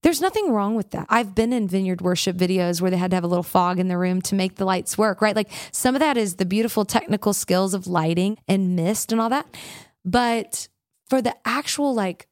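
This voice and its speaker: A woman worship leader in a casual interview, telling stories with lively acted-out quotes and many "like"s. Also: mid-range voice, a little fast, dry recording, clean studio sound. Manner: animated storyteller, acts out quotes, frequent "like".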